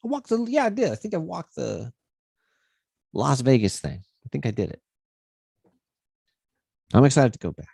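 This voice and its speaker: A man's voice: mid-range voice, wildly swooping pitch, moderate pace, vocal fry, pauses often, warm tone, breathy edge, no echo, studio quality. A man hosting a fitness livestream, telling a rambling story in a casual way and swearing freely.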